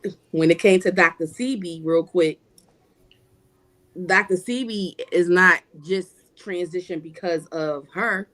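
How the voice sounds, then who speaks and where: A woman's voice: on the low side, measured pace, a bit bright. A woman guest on a livestream panel, speaking emphatically about spirituality in casual, repetitive, preacher-like runs.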